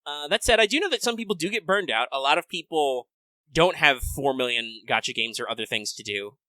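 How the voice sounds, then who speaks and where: A man's voice: mid-range voice, brisk, no room sound. A man co-hosting a casual gaming podcast, joking and ranting with plenty of profanity. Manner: animated, profane, joking rants. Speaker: podcast co-host.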